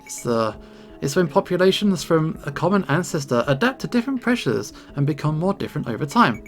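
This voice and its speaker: A man's voice: fairly high pitch, sing-song, a little fast. A man voicing a cheeky, clowning teenage girl who hams it up with silly accents, with faint game music behind. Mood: hammy.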